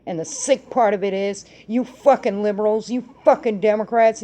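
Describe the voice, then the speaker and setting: Middle-aged woman host, mellow dark voice, fired up and cussing a lot. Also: on the high side. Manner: angry, profane ranting. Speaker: podcast host. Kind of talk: heated political commentary.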